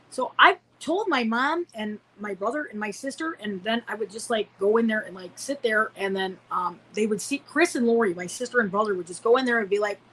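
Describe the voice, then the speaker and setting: A woman's voice: mid-range voice, fairly bright tone, a little hiss or hum, low-quality recording. A woman in her forties from Illinois, a podcast guest telling personal stories in a rambling way, full of fillers and restarts. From Illinois, United States. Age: 40s. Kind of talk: casual storytelling interview.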